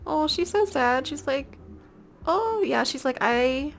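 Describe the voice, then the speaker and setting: A young woman talks through her life-sim game in a loose, casual way. Her voice sits high with a gravelly fry, and she giggles and rambles, dropping fillers as she goes. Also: expressive, measured pace, a little hiss or hum. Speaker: gameplay video host. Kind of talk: casual let's-play commentary.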